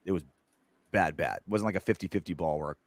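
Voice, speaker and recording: A man hosting a casual fan sports podcast over a video call, animated, jumping between loud bursts and low mumbles. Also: fast, dry recording. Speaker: podcast host.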